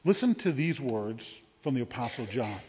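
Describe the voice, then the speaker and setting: A man preaching a sermon, dramatically acting out scripture voices and rising to loud calls. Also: medium pitch, big pitch swings, moderate pace, breathy edge. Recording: dull sound with long hall reverb.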